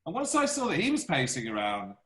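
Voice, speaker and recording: A man's voice: a little high, quick pace. Composer guy telling funny stories on himself, voice jumps all over, echoey room. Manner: animated, self-deprecating storyteller. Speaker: film composer, interview guest. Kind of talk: casual interview conversation.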